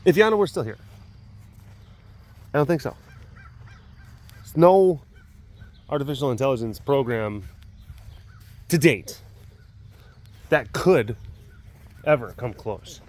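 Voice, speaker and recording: A man's voice: medium pitch, expressive, slow pace, pauses often, darkish tone. A man hosting a casual walk-and-talk vlog at an outdoor animal compound, rambling and laid-back, cooing at the big cats. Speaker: vlog host at a big cat rescue.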